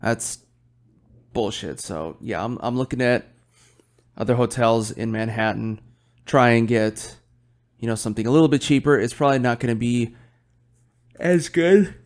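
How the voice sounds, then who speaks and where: A man's voice: mid-range voice, moderate pace, pauses often, darkish tone. A young man hosting his own podcast, chatting casually and rambling while he drinks beer, swearing often and yawning. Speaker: podcast host.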